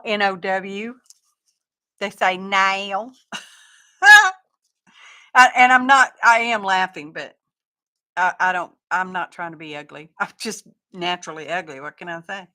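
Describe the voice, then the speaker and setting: A woman hosts a crafting live stream in an unhurried, drawn-out way. Her voice is bright and forward as she chats to viewers. She teases herself and talks her way through every fold and score. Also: lowish voice. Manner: chatty, self-deprecating, talks through her crafting steps. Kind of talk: casual craft livestream chat.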